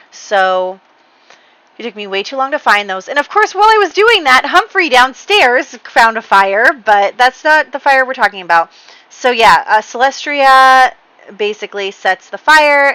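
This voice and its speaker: A woman's voice: mid-range voice, bright, forceful tone, clear, resonant tone, poor audio. A woman hosting a game channel, telling the story of her play session in a casual, chatty way with many fillers and light laughs.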